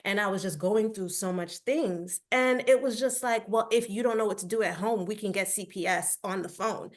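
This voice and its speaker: A woman on a video-call panel recounts her experience as a parent in a candid, emotional way, often slipping into quoted back-and-forth. Her voice sits at a middle pitch for a woman. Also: normal speed. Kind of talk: personal account on a webinar panel.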